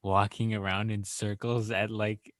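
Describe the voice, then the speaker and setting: A young man chatting casually about a movie, relaxed with dry asides. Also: fairly low pitch, measured pace, dry recording. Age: young adult. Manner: relaxed, dry asides, jumps into loud impressions. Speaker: podcast co-host.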